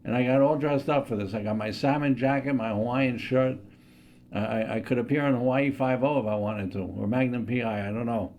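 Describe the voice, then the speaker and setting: Older guy hosting a studio show, rambly, self-deprecating, gravelly voice. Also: medium pitch, steady tone, brisk, a little mellow. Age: 60s. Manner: chatty, self-deprecating, hesitant with many fillers. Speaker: host. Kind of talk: stand-up impressions routine.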